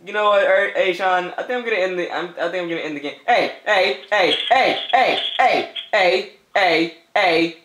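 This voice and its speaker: A man's voice: high voice, normal speed, few pauses, sharp tone, reverberant. A man giving playful let's-play commentary, teasing the other players and often breaking into laughter with goofy repeated calls. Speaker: gameplay commentator.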